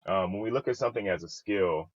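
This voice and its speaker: A man hosting a podcast interview, thinking aloud in a relaxed, reflective way and often checking in with "right?". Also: sits low, fast, husky, no room sound. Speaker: podcast host. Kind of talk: casual interview chat. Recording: slightly dull lo-fi audio.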